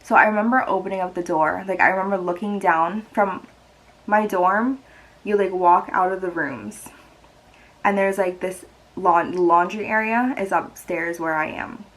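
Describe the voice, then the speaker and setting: A woman's voice: on the low side, steady tone, normal speed, rough recording. A woman in her twenties telling a personal story in a casual, chatty way, with a lot of "like" and moments where she gets emotional. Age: 20s. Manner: chatty, heavy use of "like", emotional and teary. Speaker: vlogger.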